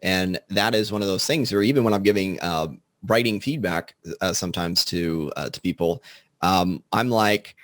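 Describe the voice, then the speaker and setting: A man hosting an interview podcast, chatting casually and often pausing on filler words. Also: low voice, no room sound. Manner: relaxed, frequent filler words. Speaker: podcast host.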